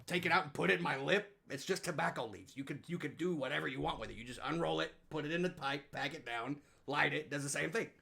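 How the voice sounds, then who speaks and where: A man chatting as a player in a tabletop game. His voice is fairly high, with a gravelly rasp. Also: fast talker, few pauses, sharp tone. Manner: chatty, laughing. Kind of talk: tabletop role-play.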